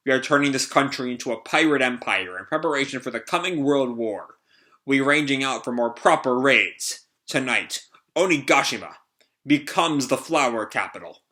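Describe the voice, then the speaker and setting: A man reading the lines of a huge, menacing male pirate emperor who makes booming proclamations, in a bright voice.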